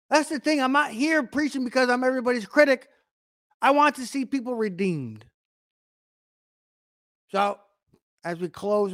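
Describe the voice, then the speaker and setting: Male online preacher, fairly high voice, dry close sound, emphatic with rhetorical questions and sudden loud swells. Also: dry recording. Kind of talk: online sermon to camera.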